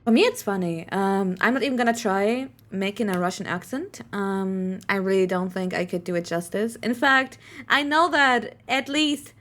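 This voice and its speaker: A woman's voice: medium pitch, normal speed, few pauses, fairly bright tone. A woman streamer, not a native English speaker, chatting casually over gameplay in a rambling way with lots of fillers.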